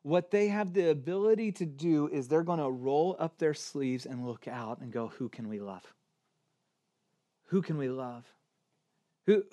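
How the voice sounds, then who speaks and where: Male pastor, 30s, casual conversational sermon with big loud-to-soft swings. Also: on the high side. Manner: conversational preaching with wide swings from loud to hushed.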